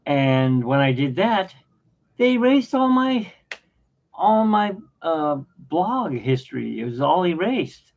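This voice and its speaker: Man, 50s, podcast host, gravelly, rambling, halting, dull lo-fi recording. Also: on the high side, very animated, a little mellow. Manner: rambling, anecdotal, halting with fillers. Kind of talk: casual rambling chat. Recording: dull lo-fi sound.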